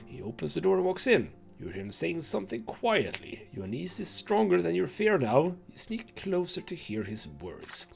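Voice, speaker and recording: A man playing a narrative game, reading its story text aloud and thinking out loud about his choices, with mild swearing. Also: sits high, huge pitch swings, normal speed, vocal fry, hardly any pauses, breathy edge, soft background music. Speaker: gaming channel host.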